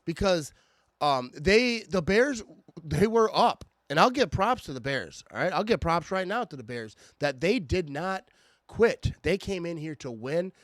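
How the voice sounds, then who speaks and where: A man's voice: a little high, expressive, measured pace, a bit bright, dry recording. A man in a casual, irritated fan rant about his team, stammering and restarting often. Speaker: sports fan vlogger.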